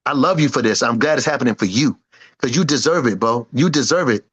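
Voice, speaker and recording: Fast and husky, with a medium-pitched, fairly bright voice, this man in his fifties is interviewed casually and animatedly about his work as a singer and producer. The recording is rough. He speaks emphatically and boastfully, acting out his friends' comments.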